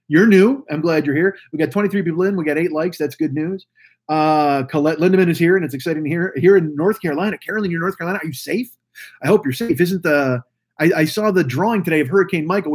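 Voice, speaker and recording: A man's voice: a little high, husky. A man hosting a live stream, rambling and swearing casually as he greets viewers over a webcam mic. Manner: profane, rambling, chatty. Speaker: live stream podcast host.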